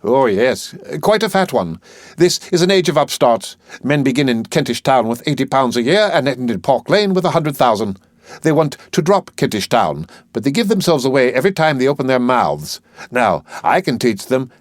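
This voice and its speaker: A man's voice: medium pitch, big pitch swings, moderate pace, dry recording, studio quality, voice pushed up, lightly acted. A man reading an audiobook, voicing a brusque, arrogant male professor of phonetics who lectures and scolds emphatically. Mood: boastful.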